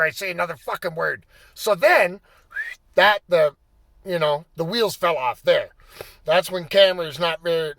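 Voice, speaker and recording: A man telling a personal story in a casual, profane way, getting animated and raising his voice as he relives the anger. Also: fairly high pitch, gravelly, no echo. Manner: animated, swearing, bursts into shouting when reliving anger. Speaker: storyteller recounting his playing days.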